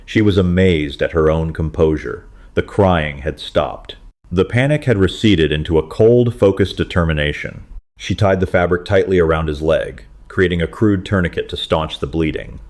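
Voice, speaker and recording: Male audiobook narrator with a deep voice and a dramatic, steady read. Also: moderate pace. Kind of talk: scripted story narration.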